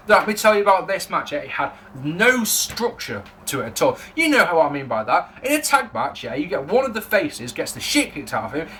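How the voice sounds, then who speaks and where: A man's voice: sits high, a bit bright. A young man giving a casual, jokey, sweary spoken wrestling review to camera.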